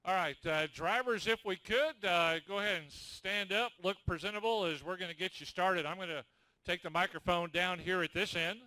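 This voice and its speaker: A man's voice: sits high, sharp tone, dry recording. A man acting as announcer, giving the drivers loose, teasing instructions. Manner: folksy, teasing, drawn-out delivery. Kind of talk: loose, joking emcee instructions.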